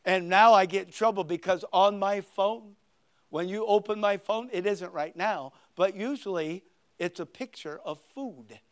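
An older man preaching a sermon, swinging between loud emphatic points and quiet conversational asides. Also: high-pitched, a little slow, clear, resonant tone. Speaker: pastor.

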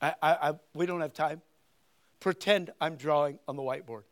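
An older man preaching a sermon, swinging between loud emphatic points and quiet conversational asides. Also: a little high, moderate pace. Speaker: pastor.

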